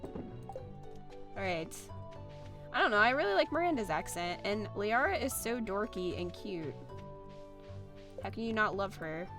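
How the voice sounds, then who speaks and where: A woman's voice: medium pitch, animated, measured pace, long pauses, over music. A young woman streamer chatting casually while playing, reading viewer comments aloud with a playful, filler-heavy way of talking. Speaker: gaming streamer.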